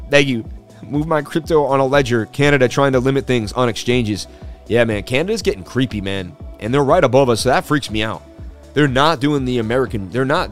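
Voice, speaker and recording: Male livestream host, casual and chatty, mid-range voice, faint background music. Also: mid-range voice. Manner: chatty, reads viewer comments aloud. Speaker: crypto market livestream host.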